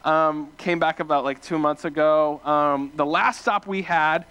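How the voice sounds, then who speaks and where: Young male preacher from small-town Ohio, high voice, animated and filler-heavy storytelling. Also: measured pace, clean tone. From small-town Ohio, USA. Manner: animated, self-deprecating, many fillers and restarts. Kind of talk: casual storytelling sermon.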